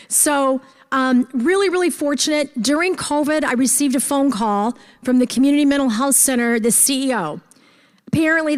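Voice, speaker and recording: A woman giving an earnest personal talk at a conference, repeating phrases for emphasis. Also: fairly high pitch. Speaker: conference speaker. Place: large conference hall. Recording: echoey hall.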